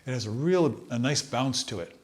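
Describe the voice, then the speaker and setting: Relaxed man teaching trumpet. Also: mid-range voice, normal speed. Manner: relaxed, thoughtful, sings phrases to demonstrate. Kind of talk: instructional talk.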